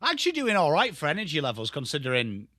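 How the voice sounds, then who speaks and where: A young Englishman with an English accent hosting a live football watchalong stream, excitable and sweary, rattling off player names, tired from little sleep. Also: on the high side, fast, no echo, clean studio sound. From England. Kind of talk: live commentary and chat stream.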